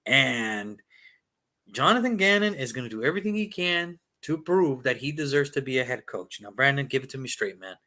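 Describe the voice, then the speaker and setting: Lively, bright-voiced man talking sports. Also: mid-range voice, normal speed. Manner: emphatic and exasperated, rhetorical questions. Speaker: sports podcast co-host. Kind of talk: casual sports talk.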